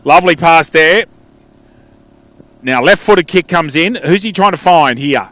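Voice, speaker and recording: A man with an Australian accent calls a local footy match, his voice sitting a little higher than most men's. The sound is dry and close, with little room around it. He talks in quick bursts and trails off into chatty asides. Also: animated, pushed and bright, no room sound. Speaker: play-by-play commentator. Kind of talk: live football commentary.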